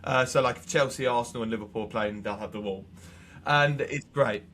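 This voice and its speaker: Young male co-host, mid-pitched and animated, easy laugh, slight background hiss. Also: a little fast. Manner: animated storyteller, laughs easily. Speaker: podcast co-host. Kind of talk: casual chat.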